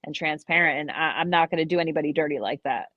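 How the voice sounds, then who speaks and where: A woman's voice: low voice, fast, dry recording, highs cut off. Chatty woman telling stories, dry sound. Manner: animated storytelling, acts out quoted dialogue. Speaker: co-host and former contestant. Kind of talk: casual aftershow chat.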